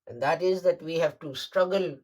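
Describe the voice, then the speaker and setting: Man preaching a sermon, fairly high voice, emphatic, repeats phrases, paced pauses. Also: darkish tone. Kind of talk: Friday sermon.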